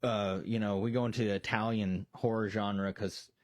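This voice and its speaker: A man's voice: lowish voice, fairly even intonation, moderate pace. A man co-hosting a casual movie discussion, retelling scenes with lots of swearing and quoted voices. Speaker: podcast co-host.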